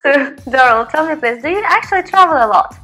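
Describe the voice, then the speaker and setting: A woman's voice: sits high, animated, normal speed, bright, forceful tone, soft background music, low-quality recording. A woman whose first language is Russian, hosting a casual chat in a bubbly, giggly way. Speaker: host.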